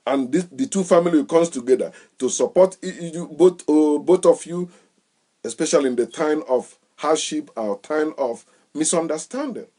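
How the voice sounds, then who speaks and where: A man giving his opinions in casual talk, lively, acting out the people he quotes and laughing often. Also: a little high, normal speed. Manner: animated, acts out quoted voices.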